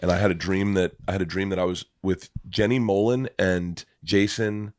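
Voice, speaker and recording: A man with a lowish voice tells a long story over casual podcast talk. He swears freely and gets emotional, going quiet and soft at the tender parts. The sound is close and dry, with no room echo. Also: steady tone, moderate pace. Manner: profane, emotional storyteller, voice drops low when moved.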